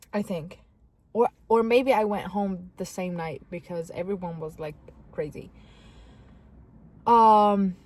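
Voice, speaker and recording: A young woman casually telling a story, laughing often and acting out the people in it. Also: on the high side. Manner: animated, laughing, acts out quoted voices. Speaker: storytime vlogger.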